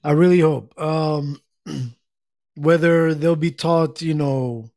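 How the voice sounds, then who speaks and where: A man's voice: fairly high pitch, slow pace, a little mellow, dry recording, studio quality. A middle-aged man hosting a casual livestream, rambling in an easygoing way and reading viewers' comments aloud. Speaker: livestream host.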